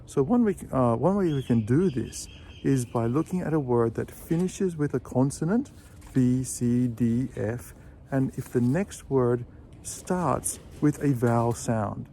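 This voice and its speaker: A man gives an English pronunciation lesson at a mid pitch, patient and steady. He says example phrases slowly and repeats them. A faint background hiss sits under his voice. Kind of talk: video lesson. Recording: faint background noise with birdsong.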